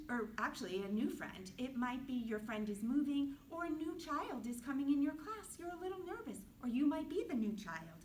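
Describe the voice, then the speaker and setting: A woman teaching a guided kids yoga class in a gentle, playful, sing-song way, softening to a hush for relaxation. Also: high voice. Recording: distant camera mic, faint room noise.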